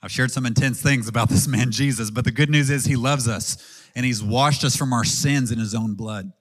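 A man's voice: mid-range voice, normal speed. Earnest, conversational male preacher. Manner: earnest, conversational preaching with ums and audience questions. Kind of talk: sermon.

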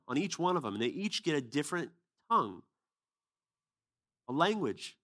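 A man's voice: a little high, fairly bright tone. A man preaching a sermon, telling a personal story in a casual, conversational way and then pressing his point earnestly. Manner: casual, conversational retelling with quoted dialogue.

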